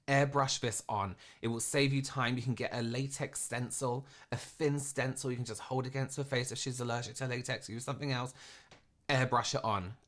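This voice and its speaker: A man's voice: mid-range voice, fairly even intonation, moderate pace, fairly bright tone. A man, a professional makeup artist, giving a frank, rambling critique in a reaction video.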